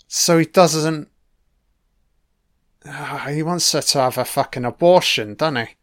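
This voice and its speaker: A man's voice: fairly high pitch, measured pace. A young man giving casual, wry film commentary, swearing freely as he reacts to the scenes. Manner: profane, wry running remarks.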